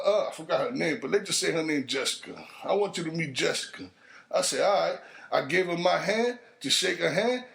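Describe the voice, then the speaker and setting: A man hosting a podcast, telling a crude street story in a casual, profane monologue and jumping into higher voices for the people he quotes. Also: vocal fry, fairly bright tone. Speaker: podcast host.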